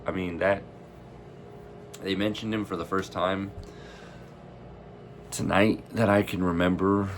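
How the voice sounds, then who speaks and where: Low-voiced man, opinionated vlogger, rambling and frustrated. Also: flat delivery, a little slow, pauses often, noisy background. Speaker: wrestling fan vlogger. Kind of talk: casual reaction rant.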